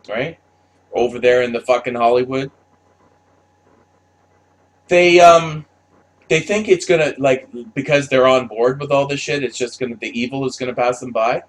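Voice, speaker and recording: A man delivering a heated, profanity-filled opinion rant, stammering and repeating himself as he talks. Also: mid-range voice. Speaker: commentator.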